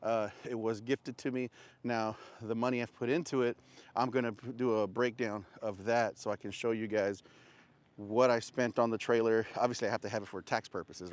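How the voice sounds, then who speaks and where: A man chatting on a livestream while walking outdoors, out of breath and panting between sentences. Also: on the low side. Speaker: barbecue vendor livestreaming. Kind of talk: casual livestream chat. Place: outdoors on a walk.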